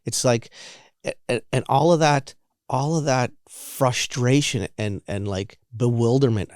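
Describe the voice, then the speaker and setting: A man in his forties telling his own recovery story in a halting, candid way, often repeating words and restarting. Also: mid-range voice, a little mellow, no room sound, clean studio sound. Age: 40s. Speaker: guest sharing recovery story.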